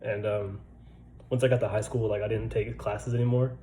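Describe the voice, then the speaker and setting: A man's voice: fairly low pitch, little pitch movement, moderate pace, mellow, slight background noise, rough recording. A man in his twenties who stutters, telling his own story in a laid-back, casual way with lots of fillers, recorded in a barracks room. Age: 20s. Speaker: vlogger.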